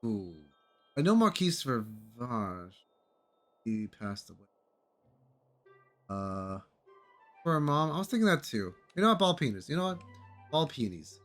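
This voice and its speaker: A man streaming a video game, chatting casually and reacting out loud to the story. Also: medium pitch, sing-song, measured pace, long pauses, soft background music. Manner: chatty, reactive, lots of "like" fillers. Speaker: gaming streamer. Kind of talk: casual playthrough reaction commentary.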